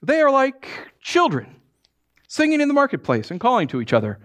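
A male pastor preaching a sermon in a lively, joking way, often putting on voices for quotes. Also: brisk. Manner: animated, acts out quotes in high voices, jokes with congregation.

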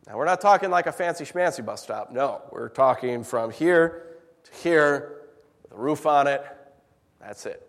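A male pastor preaching a sermon with humorous asides, animated and full of rhetorical questions. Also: a little high, moderate pace, creaky, long reverb tail.

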